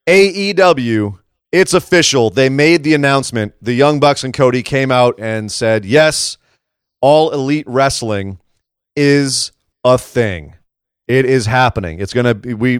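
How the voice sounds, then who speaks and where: Male podcast co-host, lively conversational delivery, dry studio sound. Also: mid-range voice, clear, resonant tone, no echo. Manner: animated, quick asides, many restarts. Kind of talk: casual wrestling news chat.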